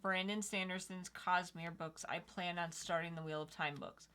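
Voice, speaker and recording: A woman's voice: on the low side, fairly even intonation, moderate pace, crowd noise. A young woman co-hosting a casual livestream, reading viewer comments aloud and chatting. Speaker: livestream co-host reading chat.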